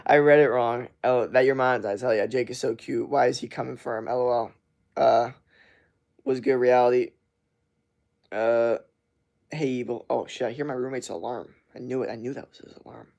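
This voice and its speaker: A man's voice: medium pitch, fairly even intonation, normal speed, vocal fry, a little mellow. A young man streaming live, chatting loosely and swearing as he reads and answers chat messages. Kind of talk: casual live-stream chat reading comments.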